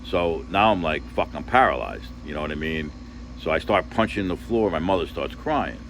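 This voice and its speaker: Deep-voiced man telling a raw story. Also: moderate pace, noisy background. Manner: profane, rambling, emotional, full of fillers. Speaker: vlogger telling a personal story. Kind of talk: casual storytelling monologue.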